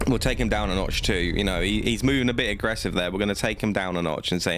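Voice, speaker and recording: A man's voice: deep voice, quick pace, few pauses, a bit bright, faint music behind. A man, giving cocky, trash-talking commentary as he plays a card game. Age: late 20s. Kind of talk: gameplay commentary.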